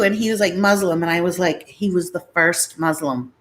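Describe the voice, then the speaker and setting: A woman's voice: on the low side, steady tone, normal speed. A middle-aged woman from Massachusetts hosting a live-stream, chatting casually and rambling through stories while reading viewer comments. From Massachusetts, USA.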